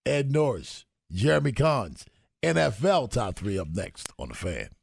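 A man's voice: medium pitch, sing-song, unhurried, creaky, husky. A man co-hosting a morning sports radio show, giving wry reactions and reading station promos. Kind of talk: casual morning radio banter.

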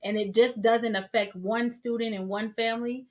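Calm, firm woman moderator. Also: on the high side, moderate pace. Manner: calm, firm, invites others to speak. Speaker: host. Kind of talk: moderating a group discussion.

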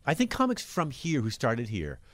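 A man who is a comedian, guesting on a radio show and telling stories in animated banter. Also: medium pitch, normal speed, no room sound, clean studio sound. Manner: animated storyteller, jumps into silly voices.

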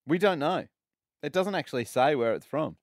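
A man co-hosting a radio show, bantering in a casual, animated way. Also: on the high side, normal speed, no echo, studio quality. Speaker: radio host. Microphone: studio microphone.

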